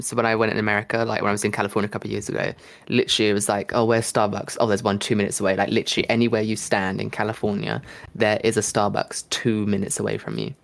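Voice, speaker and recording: A man from the United Kingdom hosting a podcast, chatting casually in quick rambling bursts with lots of fillers. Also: on the low side, creaky. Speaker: podcast host. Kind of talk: casual chat.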